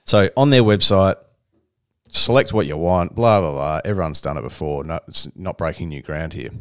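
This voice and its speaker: In a studio-quality recording with no room sound, a young Australian man co-hosting a podcast tells a casual story. He acts out the other people's voices with animation, speaking at normal speed in a low-pitched, clear, resonant tone.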